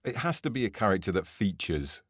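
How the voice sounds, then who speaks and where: A man's voice: on the low side, big pitch swings, a little fast, no echo, clean studio sound. A British man co-hosting a writing podcast, chatting casually and laughing easily at himself. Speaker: podcast co-host. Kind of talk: casual chat.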